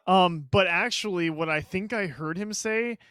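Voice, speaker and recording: A man co-hosting a podcast in a relaxed, wry way. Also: sits high, moderate pace, clear, resonant tone, dry recording, clean studio sound. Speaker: podcast co-host. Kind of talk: casual chat.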